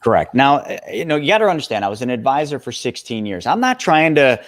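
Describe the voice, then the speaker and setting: A man's voice: medium pitch, big pitch swings, fast talker, no echo, clean studio sound. A man in his forties, a guest expert on a podcast interview, talking with energy and emphasis and calling the listeners folks. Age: 40s.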